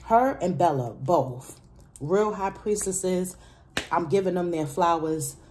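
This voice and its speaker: A woman's voice: lowish voice, takes it slowly, a little mellow, a little hiss or hum. A woman doing a casual tarot reading, chatty and emphatic, who repeats her phrases, laughs between remarks and speaks straight to her viewers. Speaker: tarot reader.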